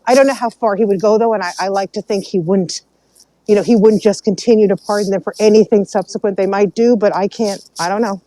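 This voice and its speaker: A woman speaking on a casual online panel, measured and thinking aloud. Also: medium pitch, steady tone, warm tone, no echo, poor audio.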